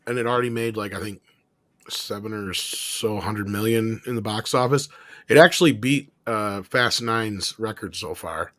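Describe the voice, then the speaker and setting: A low-voiced man chatting on a live-stream panel, recorded with a dry, close sound. He rambles casually, hedging and circling back through his points with lots of filler. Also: moderate pace, fairly bright tone, no room sound.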